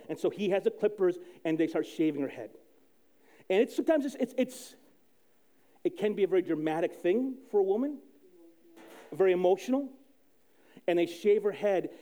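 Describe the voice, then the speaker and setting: High, lively-voiced male pastor preaching. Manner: animated storytelling with sudden soft drops and loud quoted outbursts. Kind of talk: sermon.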